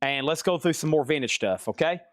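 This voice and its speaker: A man's voice: fairly high pitch, expressive, fairly quick, dry recording, clean studio sound. A man running a live vinyl sale, chatting in a folksy, rambling way and humming bits of songs. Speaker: live-stream record seller. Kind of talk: live sales stream chat.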